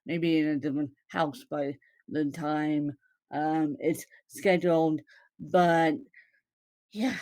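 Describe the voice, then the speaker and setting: Very slow-talking chatty woman. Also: on the low side. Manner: chatty, repeats phrases, laughs often. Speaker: content creator. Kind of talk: casual vlog talk to fans.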